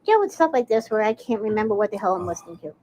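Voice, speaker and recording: A woman's voice: medium pitch, very animated, very fast, a crowd in the background. A woman on a casual podcast, rambling, swearing and losing her words mid-sentence.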